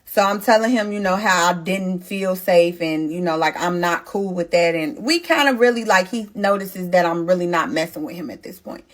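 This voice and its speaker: Blunt, animated young woman telling a story. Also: lowish voice, normal speed, hardly any pauses. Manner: animated, blunt, swears freely, addresses viewers as y'all. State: pregnant. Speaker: storytime host. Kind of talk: casual storytime chat.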